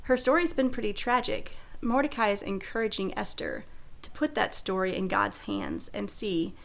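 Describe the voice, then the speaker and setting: Woman with a gravelly Sunday school voice. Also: mid-range voice, big pitch swings, moderate pace, fairly bright tone. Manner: conversational storytelling of scripture. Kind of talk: recorded Bible lesson.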